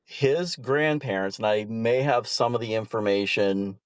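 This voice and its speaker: A male podcast host with a lowish voice and a close, dry sound. He chats loosely, adds side remarks, and asks his questions in a relaxed way. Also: unhurried, dry recording. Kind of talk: casual interview.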